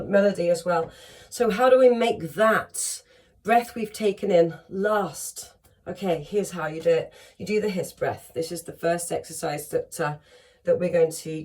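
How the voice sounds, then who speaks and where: A woman's voice: medium pitch, darkish tone. A woman teaching a singing lesson on breathing, upbeat and encouraging, talking straight to her students and showing each exercise.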